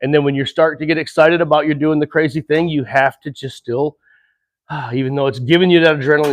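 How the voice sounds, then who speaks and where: A middle-aged man explains what he's doing while he trains horses, earnest and lively, chuckling between thoughts and easing into calm breaths. His voice sits a little high, and the talk is a casual horse-training demonstration.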